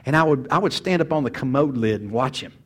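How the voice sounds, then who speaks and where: A man's voice: mid-range voice, lively intonation, quick pace. A man preaching a sermon, a folksy storyteller who often restarts his sentences. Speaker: pastor.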